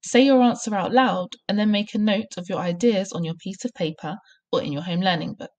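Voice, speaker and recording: A woman primary school teacher, giving a clear, encouraging recorded home-learning lesson. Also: medium pitch, a little fast, darkish tone.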